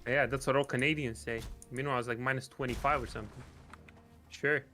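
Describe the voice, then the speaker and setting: Bright-voiced chatty male streamer. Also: medium pitch, steady tone, brisk, faint music behind. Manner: chatty and joking, talks to chat. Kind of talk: casual gaming chat.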